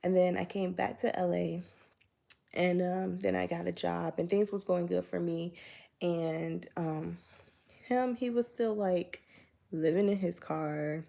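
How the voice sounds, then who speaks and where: A woman's voice: lowish voice, steady tone, unhurried, vocal fry, warm tone. A young woman telling a personal story in a chatty, casual storytime vlog, full of "like" and acting out both sides of conversations. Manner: chatty, filler-heavy, acts out both sides of dialogue. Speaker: YouTuber.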